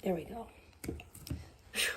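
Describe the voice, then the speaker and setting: A young woman livestreaming from her garage, rambling and swearing heavily in casual chat. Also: slow pace. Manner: heavy swearing, rambling and animated. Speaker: livestream host. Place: garage at home.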